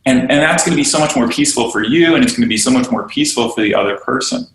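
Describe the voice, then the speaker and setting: A man with a mid-range voice speaks very fast as a podcast guest who runs a yoga studio and trains teachers. His talk on teaching and belonging is earnest and animated, often acting out the voices of people he quotes, recorded with a roomy echo.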